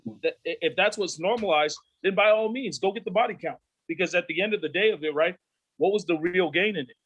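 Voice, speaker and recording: A man in his thirties shares blunt, profane stories as a podcast guest. His voice sits a little high for a man, and he slips into the voices of his old friends as he goes. The sound is close and dry. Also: fast talker, no echo, poor audio. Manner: profane, animated, acts out voices of peers. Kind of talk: candid storytelling.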